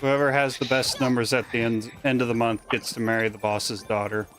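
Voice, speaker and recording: A man's voice: medium pitch, level tone, brisk, a bit bright, soft background music, low-quality recording. A man chatting on a stream, dropping dry teasing remarks at his friend. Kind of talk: casual chat on a stream.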